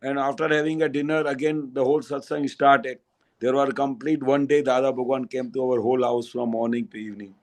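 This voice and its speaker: An older man with a Gujarati accent giving a spiritual satsang talk, telling anecdotes in a halting way with fillers and restarts. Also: medium pitch, little pitch movement, a little mellow, rough recording. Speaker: spiritual speaker.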